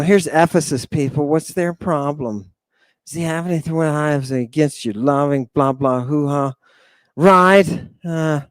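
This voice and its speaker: A man's voice: a little high, no echo. A man lecturing on scripture in an impassioned, preacherly way, sighing often, with sarcastic asides, and forever asking his listeners "right?". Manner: animated, preacherly, keeps addressing listeners as "people" and asking "right?". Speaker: host.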